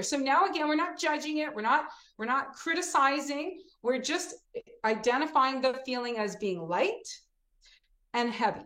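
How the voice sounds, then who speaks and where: A woman teacher talking in an interview, expressive, often acting out classroom examples and asking "right?". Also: sits high, unhurried. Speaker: teacher and children's program creator. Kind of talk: animated interview talk. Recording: echoey room.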